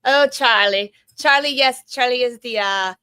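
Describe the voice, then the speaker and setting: A woman's voice: on the high side, unhurried, pushed and bright, smooth, dry recording. A woman streaming and chatting casually, who trips over words and corrects herself. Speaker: live streamer. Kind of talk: casual live commentary.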